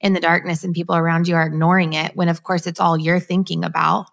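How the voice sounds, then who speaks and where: A woman's voice: lowish voice, flat delivery, quick pace, vocal fry. A woman who is a podcast guest, speaking thoughtfully and affirmingly in casual conversation.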